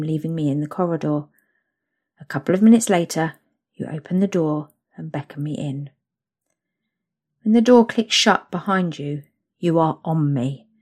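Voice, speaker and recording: A young woman narrating an intimate second-person story, soft and slow. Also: low-pitched, breathy edge.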